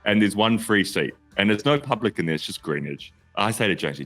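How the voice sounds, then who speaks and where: Casting: man, podcast co-host, low voice, chuckling anecdote-teller. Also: lively intonation, fast talker, fairly bright tone, soft background music. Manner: laughing anecdote-teller, swears freely. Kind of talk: casual chat.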